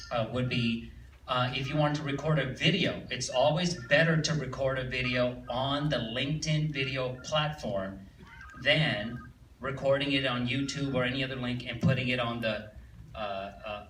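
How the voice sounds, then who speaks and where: A man's voice: medium pitch, a bit bright, a little hiss or hum. A man speaking as a guest presenter to a live audience, casual and full of fillers, asking the room questions. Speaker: guest speaker, social media marketer. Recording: echoey room, far from the mic, faint ambience.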